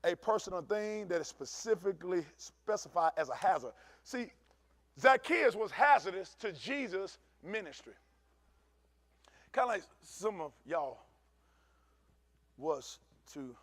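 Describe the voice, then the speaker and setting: A pastor preaching a sermon in a church, animated and conversational, swinging from shouting to low asides. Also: male voice, dry recording. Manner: conversational, uses African American Vernacular English.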